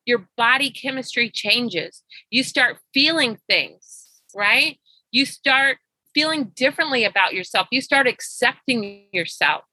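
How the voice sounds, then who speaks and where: A woman's voice: a little high, lively intonation, measured pace, bright, forceful tone, breathy edge, no room sound, poor audio. A middle-aged woman health coach telling client stories in an interview, acting out both sides of the conversations. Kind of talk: storytelling interview guest.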